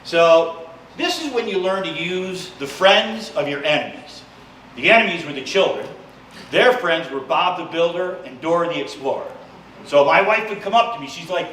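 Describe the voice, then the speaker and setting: A man in his fifties with an American accent doing a crude, brash stand-up routine on a comedy club stage, building to shouting rants. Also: sits high, expressive, unhurried, recorded from a distance. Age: 50s. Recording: echoey club room, audience noise. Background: audience laughter.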